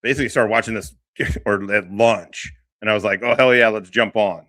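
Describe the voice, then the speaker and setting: A man's voice: fairly low pitch, normal speed, a bit bright, no room sound. A man hosting a livestream, talking casually and swearing a lot as he mocks and laughs. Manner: profane, laughing, mocking. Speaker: streamer host.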